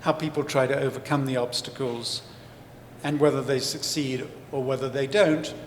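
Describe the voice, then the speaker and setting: A man's voice: mid-range voice, steady tone, moderate pace, a little hiss or hum. Man explaining in an echoey hall. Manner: thoughtful, explanatory, with many fillers and restarts. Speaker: author and historian, interview guest. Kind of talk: live festival interview. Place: large hall at a book festival. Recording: echoey hall with faint ambience.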